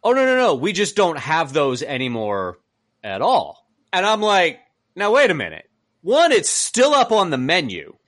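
Animated man ranting on a podcast. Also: on the high side, moderate pace. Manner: animated, exasperated ranting with mocking quoted voices. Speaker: podcast co-host. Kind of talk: casual podcast rant.

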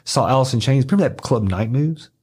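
A man's voice: lively intonation, fast, a little mellow, husky. A middle-aged man from Arkansas, a podcast guest telling rambling, profane stories in casual chat and acting out other people's lines. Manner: swearing, rambling anecdotes, acts out others' lines in a high voice. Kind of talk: casual storytelling.

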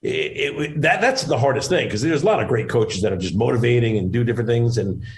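A man's voice: medium pitch, lively intonation, fairly quick, a little hiss or hum, poor audio. A middle-aged man, a comedian and actor, chatting as a guest over a video call, rambling through stories with lots of restarts. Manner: rambling storyteller with many restarts. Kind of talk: casual interview chat.

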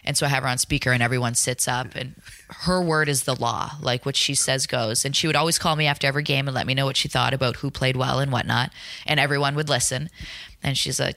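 A woman telling a story as a podcast guest, acting out the people she quotes with lively shifts of voice. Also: a bass voice, fast talker, vocal fry, no room sound. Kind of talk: animated storytelling.

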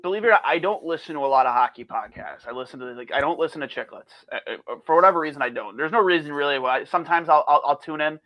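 A man's voice: fairly high pitch, rapid-fire, few pauses, sharp tone, no echo. A man chatting as a podcast guest, telling rambling stories with restarts, swearing and laughter. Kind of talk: casual chat.

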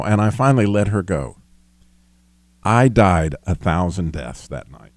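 A man's voice: on the low side, expressive, a little slow, darkish tone, no echo. A man hosting a casual faith-based discussion, talking earnestly and self-deprecatingly with stumbling restarts.

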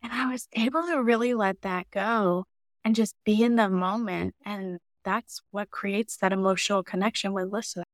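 A woman chats as a podcast guest, her voice sitting in a middle range for a woman. She tells stories in a lively, casual way and often says "like". The sound is dry and close. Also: medium pitch, moderate pace, no room sound. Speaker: podcast guest, marketing mentor. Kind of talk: casual interview chat.

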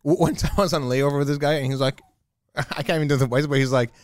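A man's voice: a little high, steady tone, very fast, no echo, clean studio sound. A man co-hosting a casual podcast, laughing often and telling stories playfully. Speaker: podcast co-host.

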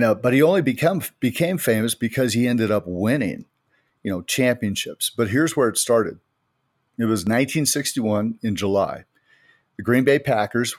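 In a casual chat on a faith podcast, an American man in middle age, one of the co-hosts, recounts anecdotes emphatically as a storyteller. His voice runs low. It's a dry, studio-quality recording.

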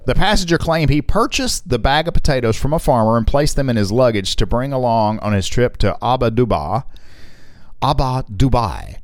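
Middle-aged male co-host, jokey and quick to laugh, lively swings in pitch. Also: dry recording, clean studio sound. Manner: playful, laughs often, reads news items aloud. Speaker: radio co-host. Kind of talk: joking talk-show banter.

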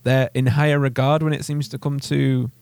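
A man's voice: medium pitch, little pitch movement, normal speed, gravelly, a little mellow, no echo. A man hosting a podcast, telling a story in casual chat, laughing often and restarting words. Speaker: podcast host.

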